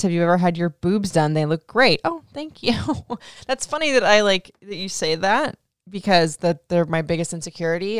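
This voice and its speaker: Recorded dry, a woman in her thirties has a low-sitting, clean-toned voice. She's the host of a casual podcast, fielding listener questions in a frank, profane manner heavy with "like," and she sounds emotional, almost in tears.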